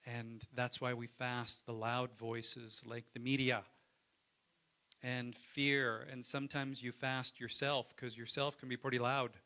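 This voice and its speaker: A man preaching a Sunday sermon in church. His voice is bright and forward, and he keeps it conversational, calling out to the congregation for an amen. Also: mid-range voice, level tone, measured pace. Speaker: pastor.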